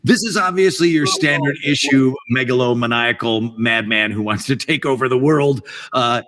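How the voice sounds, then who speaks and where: A man's voice: medium pitch, fairly bright tone, recorded from a distance, a little hiss or hum. A middle-aged man, a voice actor talking casually and playfully about creating character voices. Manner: playful, quick-shifting between voices. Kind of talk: casual talk about voice acting.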